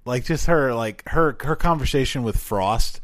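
A man's voice: mid-range voice, normal speed, a bit bright, no room sound, studio quality. A man chatting casually about a film, rambling with lots of filler words. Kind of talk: casual chat reviewing a film.

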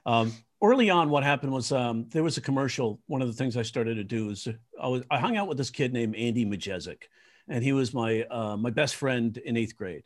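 A man from New York, a comedian guest telling rambling, animated stories with many fillers. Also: mid-range voice, fairly quick. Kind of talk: casual storytelling.

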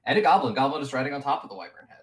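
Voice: medium pitch, animated, very fast. A game master narrating a tabletop game in a casual, rambling way with many fillers.

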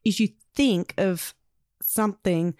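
A woman, co-hosting a podcast in casual chat and telling stories with quick laughs. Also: medium pitch, a little mellow, no room sound, clean studio sound. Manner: chatty, storytelling, quick to laugh. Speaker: podcast co-host.

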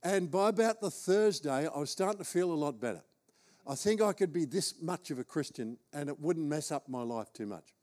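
Australian man, preacher, humorous self-deprecating story, slightly higher voice. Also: lively intonation, normal speed, darkish tone. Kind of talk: storytelling sermon.

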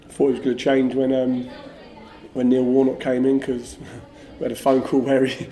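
A middle-aged man, a former footballer, telling stories in a casual, animated way with lots of fillers. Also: medium pitch, moderate pace. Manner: animated, lively storyteller, many fillers like "like". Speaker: former footballer, podcast guest. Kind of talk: casual anecdotal storytelling.

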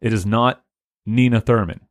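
A man's voice: lowish voice, dry recording, clean studio sound. A man hosting a casual comedy podcast, joking around and filling gaps with lots of "uh". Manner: animated, joking, halting with many fillers. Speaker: podcast host.

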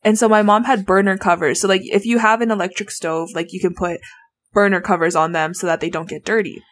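A woman guest telling childhood stories in a casual, animated, giggly way, full of "like" fillers. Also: medium pitch, brisk. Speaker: interview guest. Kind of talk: casual storytelling.

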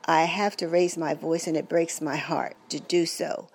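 Older woman caregiver, lowish gravelly voice, gentle faith-filled testimony. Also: normal speed, hardly any pauses. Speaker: caregiver of a husband with dementia. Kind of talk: personal testimony.

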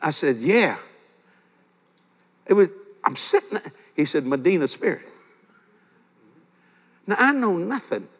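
An older man preaching a sermon, telling stories in a lively way with frequent chuckles and repeating his key points. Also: a little high, a little slow, pauses often. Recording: long hall reverb.

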